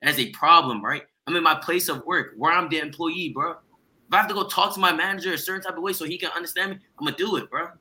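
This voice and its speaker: Young college guy talking super fast, sharp bright voice, bro every other word. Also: fairly high pitch, poor audio. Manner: rapid, restless, says "bro" nearly every line. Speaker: debate participant. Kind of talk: heated group discussion.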